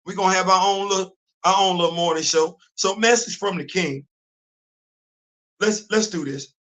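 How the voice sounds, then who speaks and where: A man hosting his own comic book morning show, his voice sitting high and bright. He speaks casually and emphatically, even though his voice is worn out. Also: normal speed. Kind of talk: casual talk-show commentary.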